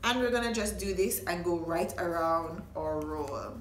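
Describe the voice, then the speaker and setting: Gentle woman reading to preschoolers, echoey room. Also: lowish voice, moderate pace, recorded from a distance. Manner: gentle, instructive, speaks to the children directly. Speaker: children's storyteller and craft host. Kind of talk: reading aloud and craft demo for preschoolers. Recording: echoey room, faint noise.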